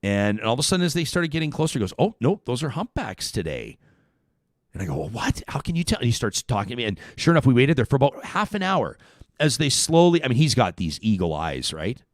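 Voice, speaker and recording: A man hosting a talk show, telling stories in a lively, rambling way with many restarts. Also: mid-range voice, fast, dry recording, clean studio sound. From Canada. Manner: animated storyteller, chatty with many restarts. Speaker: radio talk show host. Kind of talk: casual talk show chat.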